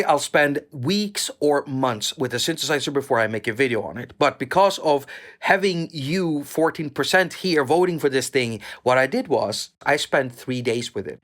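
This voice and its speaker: A man's voice: medium pitch, a bit bright. Joking Swedish man reviewing synth apps. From Sweden. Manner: playful, teasing, crude jokes. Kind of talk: casual jokey video talk to camera.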